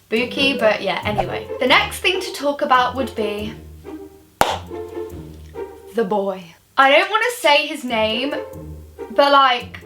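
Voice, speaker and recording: Woman, high voice, chatty rambling storytime, music playing behind. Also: big pitch swings, takes it slowly, pauses often. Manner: chatty, rambling, many "like" fillers. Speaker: vlogger. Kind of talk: casual storytime. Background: background music.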